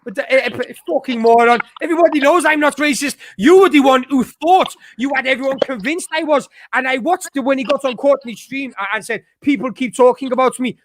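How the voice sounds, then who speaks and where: A man with a notably high voice rants his way through a casual stream chat. He swears freely and keeps stopping and restarting his sentences. The sound is close and dry, with no room in it. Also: a little fast, hardly any pauses, dry recording. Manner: rambling, profane, with frequent restarts. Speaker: streamer host.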